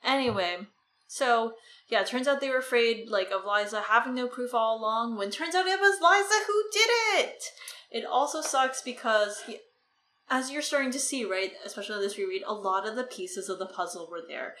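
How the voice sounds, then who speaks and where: A woman's voice: fairly high pitch, fairly quick, a bit bright. A woman co-hosting a casual book discussion, retelling the story in a chatty way full of "like" and "right". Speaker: podcast co-host. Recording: echoey room with faint noise.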